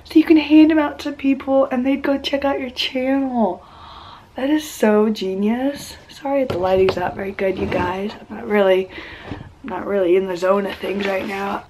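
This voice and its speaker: A woman's voice: mid-range voice, steady tone, moderate pace. A young woman talks into her home camera, sick and close to crying. She gushes and keeps saying "oh my gosh." Faint hiss sits under the recording. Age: young adult. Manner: gushing, emotional, says "oh my gosh" often. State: sick and weak, near tears. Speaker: vlogger. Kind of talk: casual vlog to camera.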